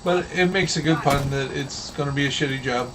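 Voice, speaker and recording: A man's voice: mid-range voice, a little fast. A man streaming a game, chatting casually and telling folksy stories with a drawl. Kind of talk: casual chat while gaming. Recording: distant mic with faint background noise.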